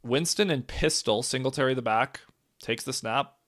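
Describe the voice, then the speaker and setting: With a mid-range voice and moderate pace, a man provides live reaction commentary on football, describing plays. He sounds fed up, shouting often and laughing in disbelief.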